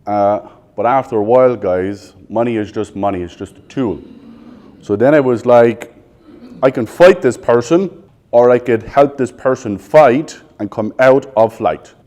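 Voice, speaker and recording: An Irish man in his thirties, speaking at medium pitch with a dark tone, conducts a live sales training. He pelts the room with quick questions and responds bluntly, not shy about swearing.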